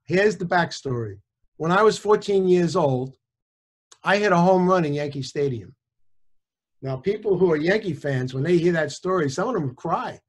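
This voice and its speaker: A man in his sixties, a chiropractor and author, telling personal anecdotes in a casual, animated way. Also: on the high side, moderate pace. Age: 60s. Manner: animated, conversational, with small restarts.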